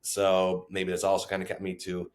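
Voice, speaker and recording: Deep-voiced man telling a story. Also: normal speed. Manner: animated, acts out quoted voices. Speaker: former child welfare social worker. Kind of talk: storytelling interview.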